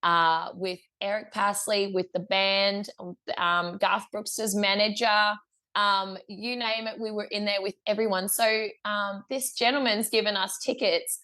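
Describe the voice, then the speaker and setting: A woman's voice: mid-range voice, fairly even intonation, unhurried, bright, forceful tone. A young woman with an Australian accent, a guest musician telling a story in a casual interview, chatty, laughing often, with lots of fillers and restarts.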